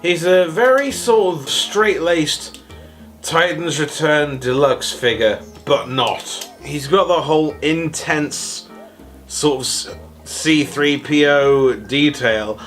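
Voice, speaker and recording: A man rambles through a toy review after too many shots, tipsy and hiccuping. His fairly high voice drags along slowly, then leaps into sarcastic yelps before sinking to mumbles. Faint music plays underneath. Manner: excitable, sarcastic, swinging between yelps and mumbles.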